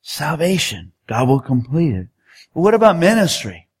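A man's voice: fairly high pitch, big pitch swings, moderate pace, breathy edge. A man preaching a sermon in a conversational style, building up to emphatic exhortations.

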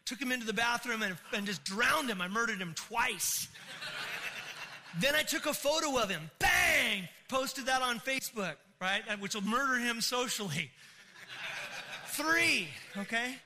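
A middle-aged man, a pastor, telling a comic story in a sermon, animated and bursting into shouts. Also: extremely high pitch, normal speed.

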